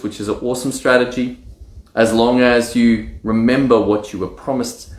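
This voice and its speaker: A man coaching on online marketing, talking straight to camera in a casual, animated way and acting out his own excited inner voice. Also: medium pitch, moderate pace, echoey room. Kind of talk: casual direct-to-camera talk.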